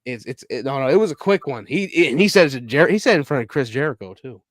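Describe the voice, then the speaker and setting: A man co-hosting a podcast, telling crude jokes and stories in a loose, animated way, laughing often. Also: mid-range voice, fast talker, no echo, clean studio sound. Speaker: podcast co-host. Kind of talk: casual chat.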